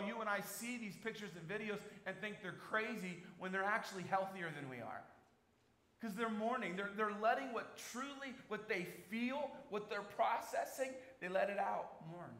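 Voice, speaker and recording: A male pastor delivering a sermon in a church, telling personal stories and shifting between soft and emphatic delivery. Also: high voice. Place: church sanctuary. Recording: echoey church hall, faint noise.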